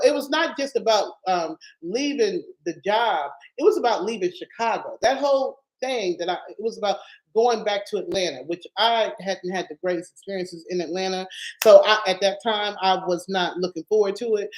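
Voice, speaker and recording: A woman telling a personal faith testimony in a lively, expressive way, laughing often and calling her listeners y'all. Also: medium pitch. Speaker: Christian speaker sharing a testimony. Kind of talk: animated personal storytelling. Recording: echoey room.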